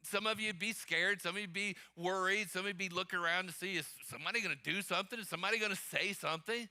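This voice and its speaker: Bright-voiced, emphatic male pastor. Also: high voice, fast talker. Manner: emphatic, calls for congregation responses. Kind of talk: sermon.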